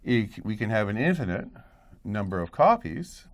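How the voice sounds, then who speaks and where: A man's voice: fairly low pitch, very animated, normal speed. A middle-aged male professor giving a recorded lecture in a conversational way, thinking aloud and checking in with "right?". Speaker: college professor.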